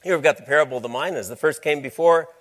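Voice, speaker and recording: A man's voice: fairly high pitch, rapid-fire, a bit bright. A man giving a lecture with slides, talking in a conversational, storytelling way. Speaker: speaker.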